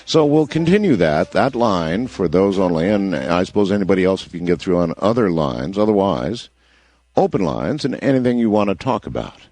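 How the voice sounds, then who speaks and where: A man hosting a late-night call-in radio show, speaking in a relaxed, conversational way and reacting to callers. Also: low-pitched, a little fast, dry recording. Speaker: radio talk show host. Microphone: studio microphone.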